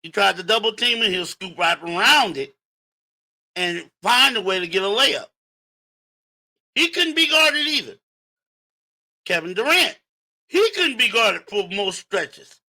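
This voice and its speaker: A man hosting a sports livestream, breaking down games in an emphatic, animated way and talking straight to his viewers. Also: high voice, unhurried, pauses often. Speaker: sports show host.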